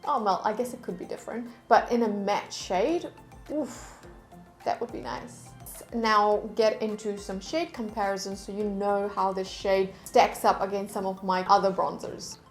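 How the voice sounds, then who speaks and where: Woman, beauty vlogger, chatty, animated storyteller, mid-pitched, echoey room, faint music behind. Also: normal speed, few pauses. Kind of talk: casual chat to camera. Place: indoor room at a desk.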